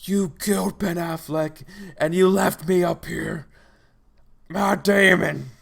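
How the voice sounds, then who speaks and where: A man voicing a wounded, enraged male monster in a tabletop game, roaring slow, drawn-out lines. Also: high voice, fairly even intonation, vocal fry, pitched above the performer's own voice, exaggerated voice. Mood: raging. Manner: slow, shouted, drawn-out roars.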